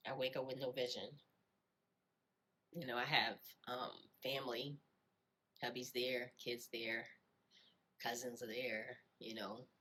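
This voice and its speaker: A woman telling her own life story in a reflective way, often repeating phrases and filling pauses with "you know". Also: extremely low pitch, sharp tone. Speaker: storyteller sharing her experience. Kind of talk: personal storytelling.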